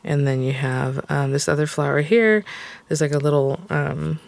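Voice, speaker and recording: A woman's voice: low-pitched, steady tone, normal speed, vocal fry, no room sound. A woman hosting a casual crafting tutorial, chatting and thinking aloud with lots of fillers as she works. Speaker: craft channel host.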